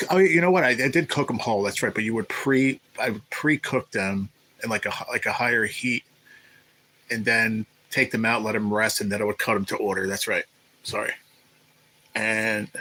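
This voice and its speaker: Male streamer and ex-cook, lowish bright voice, loose profane storyteller. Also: steady tone, normal speed, a little hiss or hum, low-quality recording. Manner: rambling, profane, reads chat aloud. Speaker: livestream host; former restaurant cook. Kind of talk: casual live chat storytelling.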